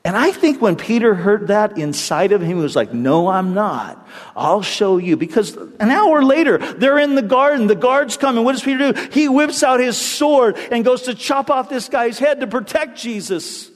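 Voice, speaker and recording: High-voiced animated preacher, hall reverb. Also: male voice, moderate pace, few pauses. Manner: animated storytelling, acts out quotes in shifting voices. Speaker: pastor. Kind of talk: sermon.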